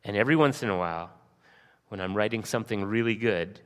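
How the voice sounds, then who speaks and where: A man with a fairly low voice preaches a sermon. He is earnest, reads scripture aloud and leans on rhetorical questions. His words ring out with the long reverb of a church sanctuary. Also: fast. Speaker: pastor.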